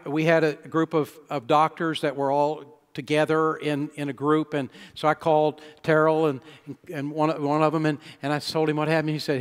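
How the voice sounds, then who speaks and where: Pastor guy preaching, kinda high voice, lots of echo in the church. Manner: storytelling preacher, swelling to loud emphatic peaks. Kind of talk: sermon. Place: church sanctuary. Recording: long church-hall reverb.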